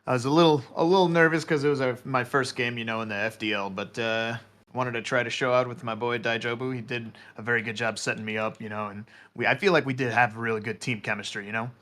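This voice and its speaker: A man's voice: mid-range voice, fairly even intonation, quick pace, a bit bright. A man, a player being interviewed, answering in a rambling way full of fillers. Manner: rambling, lots of "you know". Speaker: esports player guest.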